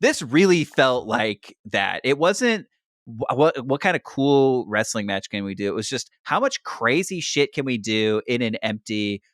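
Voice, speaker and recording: A man's voice: medium pitch, unhurried, dry recording, clean studio sound. Man co-hosting a profane wrestling podcast. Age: 30s. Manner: animated, profane, laughing asides. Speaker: podcast co-host. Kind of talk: casual wrestling recap chat.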